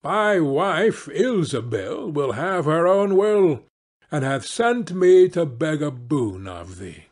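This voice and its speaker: A man's voice: on the high side, very animated, slow, heavily acted. A man doing a timid, pleading fisherman. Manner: pleading, anxious.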